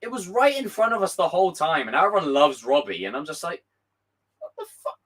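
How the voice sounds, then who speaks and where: A young man hosting a casual live stream, reading chat aloud with a hoarse voice, animated and swearing freely. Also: on the high side, fast, rough recording. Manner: animated, swearing, bursts into shouts.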